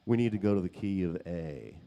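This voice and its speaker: A man imitating a sarcastic, self-assured male songwriter with a low, dry drawl. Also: animated, brisk, mellow, dull audio. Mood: sure.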